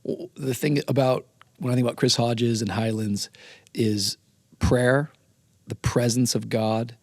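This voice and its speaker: A man's voice: medium pitch, fairly even intonation, unhurried, no room sound. A young man hosting a podcast, chatting enthusiastically and affirming his guest. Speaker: podcast host, pastor. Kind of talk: casual interview chat.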